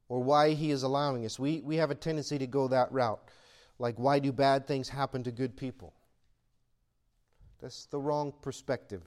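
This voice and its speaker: A man's voice: on the high side, darkish tone. A man preaching a sermon in a conversational style that swells into emphatic peaks. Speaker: pastor.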